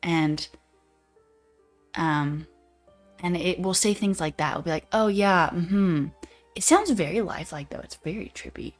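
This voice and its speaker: A woman's voice: low voice, normal speed, pauses often, soft background music. A young woman hosting a livestream, chatting casually and reading viewer comments aloud in a laid-back, playful way. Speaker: livestream host.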